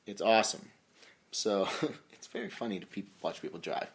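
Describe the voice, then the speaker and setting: A man's voice: lowish voice, big pitch swings, normal speed. A young adult man, co-hosting a podcast, chatting casually and telling a story with quoted voices and some swearing. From US desert region. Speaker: podcast host. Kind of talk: casual chat.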